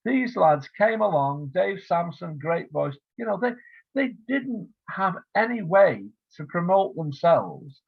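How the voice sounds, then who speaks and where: A husky-voiced man in his seventies, heard over a thin, tinny phone-like line. He talks as an interview guest, rambling through an anecdote and slipping into quoted dialogue as he goes. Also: high voice, big pitch swings, takes it slowly, no echo. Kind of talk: casual storytelling interview.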